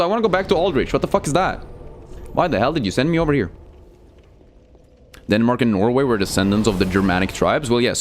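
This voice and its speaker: Lively, profane young male streamer. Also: mid-range voice, slight background noise. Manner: profane, joking, reads chat aloud. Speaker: game streamer. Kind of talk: casual live-stream chat.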